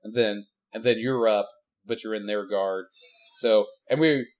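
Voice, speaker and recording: A man's voice: on the low side, steady tone, a little slow. A man co-hosting a casual podcast, laid-back, asking questions and walking through martial arts moves step by step. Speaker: podcast co-host. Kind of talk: casual chat.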